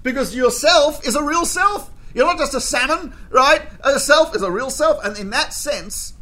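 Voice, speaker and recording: A man's voice: very high voice, normal speed, pushed and bright. A man giving a Torah lesson who teaches through anecdotes and keeps checking in with a rhetorical "right?". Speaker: religious teacher.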